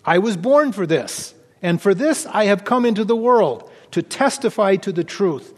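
A man reading a calm, steadfast male teacher who answers his judge with measured, solemn declarations. The raised voice sits in a long church-hall echo. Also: high-pitched, voice pushed up.

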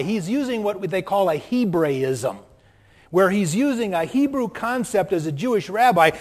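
A high-voiced man with a Minnesota accent delivers an earnest sermon, his voice rising to strong emphasis. His voice rings with a long reverb through a church hall. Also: darkish tone. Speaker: pastor.

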